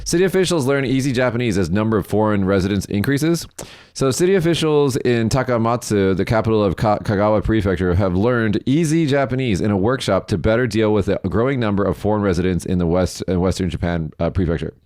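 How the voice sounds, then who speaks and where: A man's voice: on the low side, expressive, fast, darkish tone, no echo, studio quality. A man co-hosting a podcast, chatting casually about news, blunt and sarcastic, and he swears freely. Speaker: podcast co-host.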